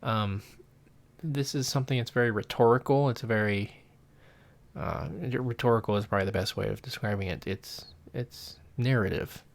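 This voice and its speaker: Low-voiced man analyzing piano music. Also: moderate pace, vocal fry. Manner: enthusiastic, talks over piano playing, scats melodies aloud. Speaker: music lecturer. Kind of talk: casual spoken music analysis. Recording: faint piano music behind.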